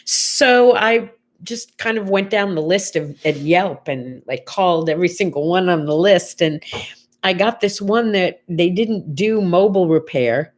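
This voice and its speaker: An older woman hosts a laid-back morning chat show, her fairly low voice animated and unhurried. She spins stories in a chatty way, quoting people as she goes.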